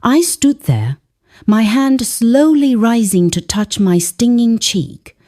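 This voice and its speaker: A woman's voice: on the high side, lively intonation, slow pace, dark tone, no echo, clean studio sound. A woman telling a moral story in first-person scripted narration, dramatic and often dropping to a whisper.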